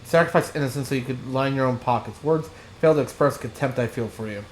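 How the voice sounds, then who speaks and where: A man's voice: medium pitch, fast, slight background noise, close to an everyday voice, rough recording. A man reading as a stern interrogating knight.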